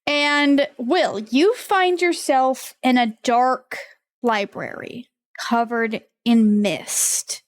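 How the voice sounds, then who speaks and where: A woman runs a tabletop fantasy game, narrating scenes at an unhurried pace. Her voice sits fairly high, and she drops into other characters' lines as she goes. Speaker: game master.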